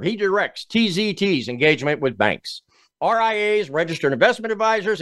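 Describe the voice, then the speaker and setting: A man's voice: sits high, fairly bright tone, dry recording, studio quality. A man hosting a business talk show, introducing and interviewing a guest in a folksy, emphatic way. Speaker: show host.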